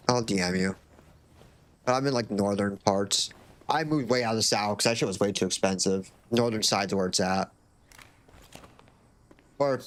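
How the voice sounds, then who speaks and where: Rambling young streamer guy from Florida. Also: fairly low pitch. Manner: rambling, joking, swears casually. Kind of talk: casual live-stream chat. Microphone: desk microphone.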